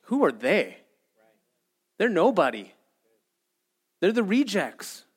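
Animated male preacher. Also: sits high, slow, breathy edge. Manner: animated storytelling, shouting acted-out lines with laughs. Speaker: pastor. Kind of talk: sermon.

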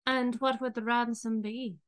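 A woman's voice: on the high side, little pitch movement, moderate pace, a bit bright, natural voice. A woman voicing a vain, foppish male space captain who talks in a pompous, theatrical way.

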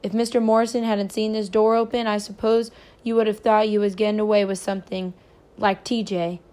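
A woman's voice: mid-range voice, steady tone, moderate pace, darkish tone, lightly acted. A woman reading aloud, voicing an angry, protective father who speaks firmly. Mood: stern. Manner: firm, scolding, protective. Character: stern angry father, a farmer.

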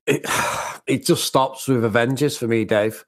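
A man's voice: mid-range voice, fairly even intonation, measured pace. A man from England co-hosting a comics podcast, talking casually and with enthusiasm, often laughing and repeating words. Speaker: podcast co-host. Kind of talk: casual chat.

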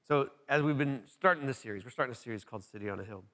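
A man's voice: mid-range voice, very fast, pushed and bright. A man preaching a conversational sermon as pastor, with frequent fillers and restarts.

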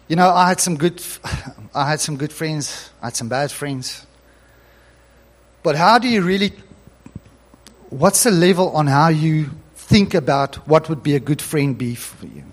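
High-voiced man preaching in a hall. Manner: animated, chuckling, reads scripture aloud. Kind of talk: sermon. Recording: long hall reverb.

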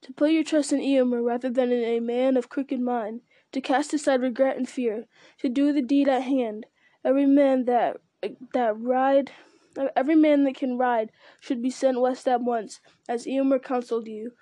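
A woman voicing an old male wizard in a storybook reading, speaking in a measured, solemn way. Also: sits high, fairly even intonation, dark tone, no echo, lightly acted.

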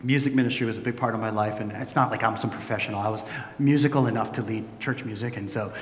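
A middle-aged man preaching a sermon as pastor, telling stories with lively quoted voices and dropping to a soft hush for reflective points. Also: lowish voice, fast. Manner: animated storytelling, acting out quoted voices. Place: large church hall. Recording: echoey hall with long reverb.

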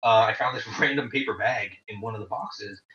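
A man in his forties casually telling rambling, profane stories about touring, with animated quoting. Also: fairly low pitch, a little fast, soft background music. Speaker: guest telling tour stories. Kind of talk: casual storytelling chat. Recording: roomy, distant, dull lo-fi sound.

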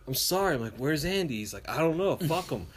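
Man, casual storyteller, animated, acts out the lines he quotes. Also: a little high, quick pace, a crowd in the background.

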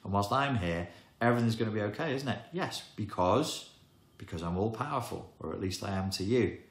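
A gentle good parent who reassures a frightened child with soft, coaxing questions, as a man puts it on. The voice is kind and encouraging. It carries a roomy echo. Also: on the low side, expressive, a little fast. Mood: soothing. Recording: echoey room.

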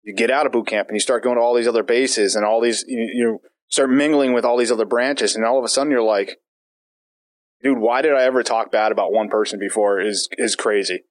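A man's voice: medium pitch, fairly even intonation, fairly quick, dry recording. A man in his thirties hosting a podcast, casual chat with crude jokes and frequent laughs. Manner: laughs often, crude joking. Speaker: podcast host.

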